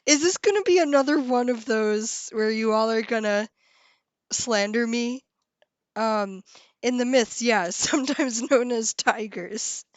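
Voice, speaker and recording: A woman's voice: on the high side, a little slow, no room sound. A woman hosting a live stream, chatting casually and giggling as she reads viewers' comments.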